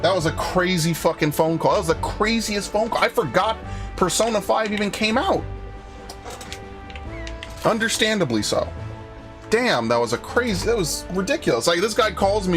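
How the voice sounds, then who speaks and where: This young man's high, sing-song voice moves at normal speed with long pauses as he streams a video game. His casual commentary rambles and is sarcastic, peppered with swearing and anecdotes, over faint game music.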